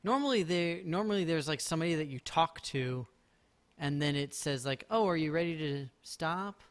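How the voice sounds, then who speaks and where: A man chats through a live game stream in a rambling, easygoing way. His voice sits a little on the high side. He drifts between topics and pokes fun at himself. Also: lively intonation, normal speed, clean tone. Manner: rambling, chatty, self-mocking jokes. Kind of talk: casual live-stream commentary.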